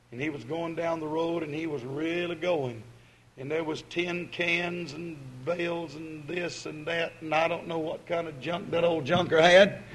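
Preacher, male, fairly high-pitched, folksy, alternates booming calls and soft asides. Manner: folksy, swinging from loud exhortation to quiet asides. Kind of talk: sermon.

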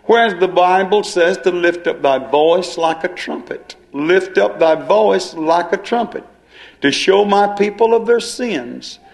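Gravelly high-voiced male preacher. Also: measured pace. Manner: repeats and stresses key phrases. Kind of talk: sermon.

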